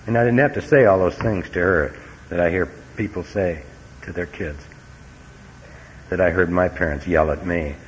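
Deep-voiced middle-aged man telling a story. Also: moderate pace, pauses often. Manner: folksy, earnest, wry humor. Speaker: recovery meeting speaker. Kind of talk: personal storytelling talk. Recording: dull lo-fi recording with faint hiss.

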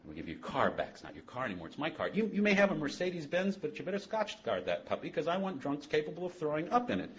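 A man voicing a loving, fatherly God in a told story, firm and teasing at first and tender and hushed later. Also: on the high side, wildly swooping pitch, racing, hardly any pauses, pitched above the performer's own voice. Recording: muffled lo-fi recording.

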